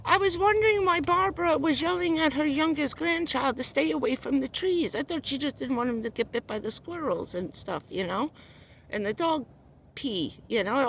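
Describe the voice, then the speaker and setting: Her voice sits high and a bit bright, with lively intonation at a normal speed. The vlogger is parked in her car on a livestream, delivering an angry, repetitive, profane rant while upset and near tears.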